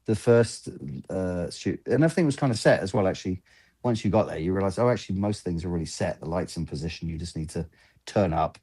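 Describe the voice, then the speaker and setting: A man's voice: deep voice, quick pace, dark tone, husky. A man in his fifties, a film lighting gaffer, chatting in an interview and rambling through anecdotes while acting out the exchanges he recalls. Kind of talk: casual interview storytelling.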